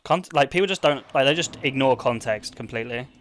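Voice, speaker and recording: A man's voice: medium pitch, fast, a bit bright. A young man chatting offhand to his stream while gaming, rambling and swearing, full of "like.". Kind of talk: casual livestream chat while gaming.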